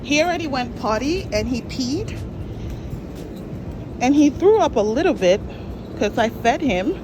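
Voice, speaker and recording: A young woman vlogger talks to her puppy in a high, swooping sing-song, coaxing and praising him with affectionate baby talk. She speaks slowly and drawn out, with music playing clearly behind her voice. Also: animated. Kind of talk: talking to her puppy on a walk and at home.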